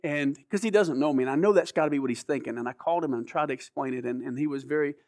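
A man's voice: on the high side, rapid-fire, darkish tone, no room sound, clean studio sound. A middle-aged man giving an earnest, emotional personal testimony as a guest, often restarting his sentences. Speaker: guest telling his story.

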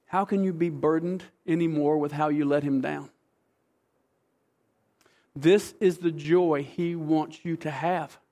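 A man preaching a sermon, emphatic and animated, swinging between hushed tenderness and excited outbursts. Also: a little high. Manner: animated, emphatic preaching with sudden shifts between soft and loud. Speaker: pastor.

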